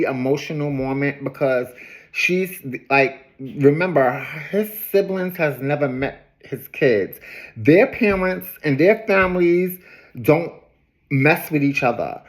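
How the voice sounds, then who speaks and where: A woman's voice: sits low, slow pace, low-quality recording. A woman giving a casual, chatty recap of a reality show, laughing easily and drifting off on tangents. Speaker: TV recap host.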